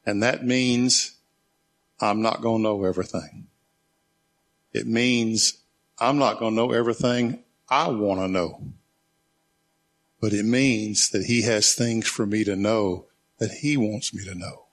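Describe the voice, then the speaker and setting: A man with a lowish voice leads a church small group, teaching conversationally. He reads scripture slowly and reflectively and invites questions from the group.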